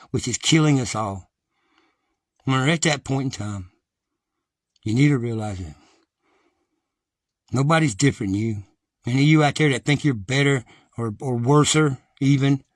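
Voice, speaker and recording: A man's voice: medium pitch, dry recording. A middle-aged man giving an impassioned, defiant monologue to his viewers, blunt and heavily profane. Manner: rises to agitated, loud ranting.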